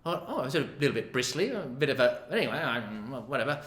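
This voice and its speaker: Animated middle-aged Australian man, bright voice. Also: mid-range voice, fast. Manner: animated, self-deprecating, acts out dialogue. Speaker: massage therapist. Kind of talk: casual storytelling to camera. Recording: roomy echo.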